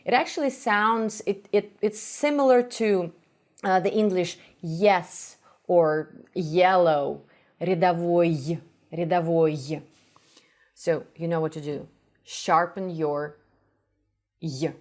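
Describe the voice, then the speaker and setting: A young woman from Russia with a Russian accent, teaching pronunciation in a reaction video, explaining with many pauses and repeating sounds to demonstrate them. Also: fairly low pitch. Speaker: language teacher.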